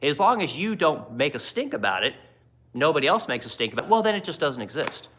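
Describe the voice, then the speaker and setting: A man's voice: fairly high pitch, very animated, fast, fairly bright tone, a little hiss or hum. A man hosting a political livestream, ranting in a profane, exasperated way and mocking politicians in quoted voices.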